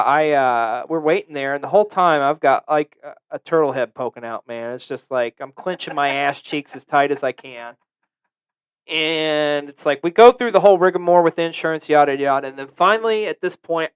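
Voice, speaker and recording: A man's voice: fairly high pitch, animated, moderate pace, clear, resonant tone. A man hosting a podcast, telling a story in a casual, profane, joking way. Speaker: podcast host.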